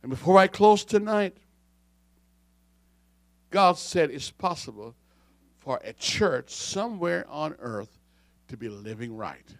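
A man preaching a fiery sermon, dropping to quiet asides and rising to shouts. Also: a little high, big pitch swings, slow pace, long pauses, no room sound.

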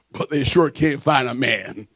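A male preacher in a church delivering a fiery sermon on microphone, shouting emphatic lines and telling stories with playful asides. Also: medium pitch, no room sound.

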